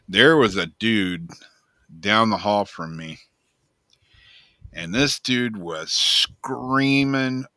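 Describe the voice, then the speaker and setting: A man's voice: on the low side, no echo. A man co-hosting a casual talk show, telling a story in a loose, profane way and laughing often. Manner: profane, laughing, animated retelling. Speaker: co-host.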